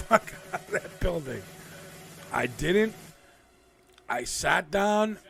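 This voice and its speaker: A man's voice: a little high, a bit bright. A man hosting a casual livestream, rambling and swearing freely with frequent restarts. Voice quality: gravelly. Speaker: livestream host.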